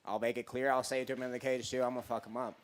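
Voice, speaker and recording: A man's voice: mid-range voice, flat delivery, racing. A man, a fighter, answering a press conference question in a blunt, aggressive way.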